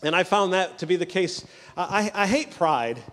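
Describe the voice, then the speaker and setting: A male pastor preaching a sermon, telling stories with quick mimicry of the people in them. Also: high-pitched, expressive, a bit bright, big-room sound.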